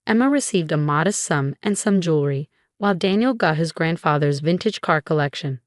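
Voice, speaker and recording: A woman reading a first-person story as scripted narration, in an even, measured storytelling manner. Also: low-pitched, dry recording, clean studio sound.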